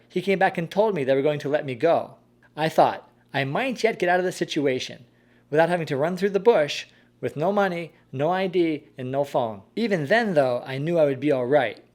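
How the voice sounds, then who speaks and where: A man calmly narrating a scripted personal story in a measured way. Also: on the high side. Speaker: host.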